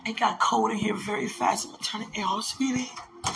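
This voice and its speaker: A woman's voice: medium pitch, fairly even intonation, fast, gravelly, music in the background. A woman in a casual spiritual vlog, speaking emotionally and prayerfully, tenderly addressing unseen listeners.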